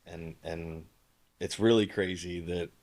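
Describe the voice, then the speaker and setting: Slow deliberate male host. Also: sits low, fairly even intonation, a little mellow. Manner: slow, deliberate, drawn-out words when stressing a point. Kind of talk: reflective podcast commentary.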